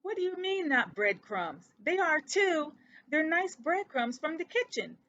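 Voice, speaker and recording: A woman doing a very high, curious boy mouse. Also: big pitch swings, unhurried, sharp tone, dry recording, muffled recording, exaggerated voice. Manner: very high, wondering, insistent.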